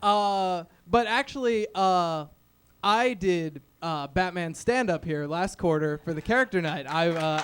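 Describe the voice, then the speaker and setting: A man's voice: on the high side, measured pace, clean tone, some chatter behind. A young man doing a rambling, self-deprecating stand-up set at an open mic, full of fillers. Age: young adult. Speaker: stand-up comedian. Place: small open-mic venue stage.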